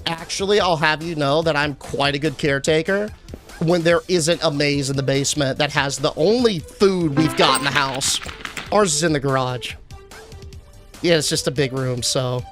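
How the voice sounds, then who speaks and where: A young man streaming a game live, chatting casually and answering his chat with shout-outs. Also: a little high.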